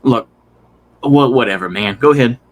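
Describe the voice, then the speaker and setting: Male host, casual reaction commentary; rambling and exasperated, mid pitch. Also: moderate pace. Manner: rambling, restarts, swears, exasperated.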